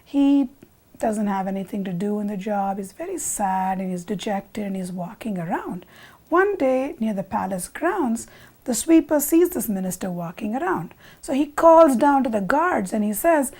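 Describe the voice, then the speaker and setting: A woman narrating a traditional fable expressively, moving from loud emphasis to whispers. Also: medium pitch, animated, normal speed. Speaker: storyteller. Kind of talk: animated storytelling narration.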